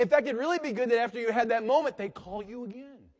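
A man preaching a sermon as pastor, swinging between hushed and loud delivery. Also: very high voice, quick pace. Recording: long reverb of a large hall.

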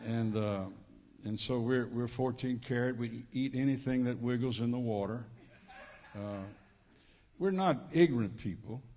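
A man with a Cajun accent delivers a sermon from a church pulpit, folksy and joking, often repeating himself. His voice sits in a middle pitch. The church microphone carries a long, reverberant hall echo. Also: a little slow, a little mellow. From Louisiana Cajun country. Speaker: visiting preacher. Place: church sanctuary.

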